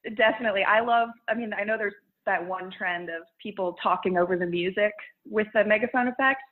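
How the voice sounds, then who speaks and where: A woman's voice: mid-range voice, fairly quick. A woman content creator chatting casually in an interview, rambling with restarts and laughing often. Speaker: social media creator. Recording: tinny phone-like line.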